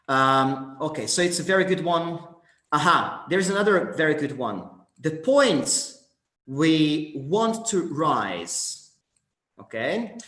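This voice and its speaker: A man's voice: on the high side, a bit bright, echoey room. Man with an Argentine accent teaching phrases. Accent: Argentine Spanish. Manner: hesitant, many fillers, checks with the group. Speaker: English workshop leader. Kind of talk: teaching debate phrases in an online class.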